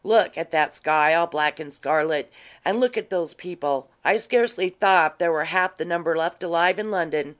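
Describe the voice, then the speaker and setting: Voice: mid-range voice, normal speed, fairly bright tone, close to an everyday voice. A reader doing a teasing worldly earl. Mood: familiar. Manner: teasing, familiar. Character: worldly curious aristocratic earl, man. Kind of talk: audiobook reading.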